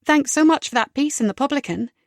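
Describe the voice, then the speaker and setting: A woman doing a brisk, spirited businesswoman in an audiobook, a touch higher and louder than the narration. She sounds forthright and lively, recorded dry and close. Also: dry recording.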